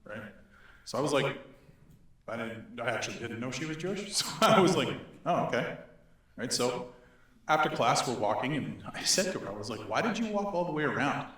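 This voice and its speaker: A middle-aged man from Northern Alberta telling a story to an audience, animated and laughing as he acts out the voices in it. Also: mid-range voice, fairly quick. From Northern Alberta, Canada. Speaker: speaker. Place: synagogue hall. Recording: echoey hall.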